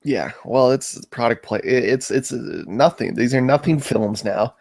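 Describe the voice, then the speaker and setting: Gravelly man making dry quips. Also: mid-range voice, a little slow, a little mellow, dry recording. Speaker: podcast co-host. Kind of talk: casual movie review chat.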